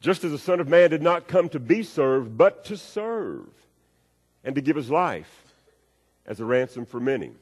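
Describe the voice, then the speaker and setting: Folksy preacher, lively voice. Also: male voice, fairly high pitch, normal speed, slightly rough. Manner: folksy, storytelling, repeats key phrases. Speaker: pastor. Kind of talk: sermon. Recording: long reverb of a large hall.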